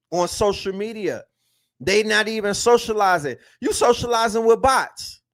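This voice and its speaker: A man's voice: sits high, fairly bright tone. A man hosting an online talk, speaking emphatically with slang and lots of repetition. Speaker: host. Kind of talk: animated lecture-style talk.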